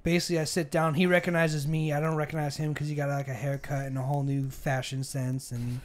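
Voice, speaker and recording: A man's voice: a little high, fast talker. A man in his twenties from Arizona, telling a story in a casual podcast chat and acting out the quotes as he gets heated. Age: 20s. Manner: animated, acts out the argument in quoted voices, gets heated. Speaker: podcast co-host. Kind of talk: casual storytelling over beers.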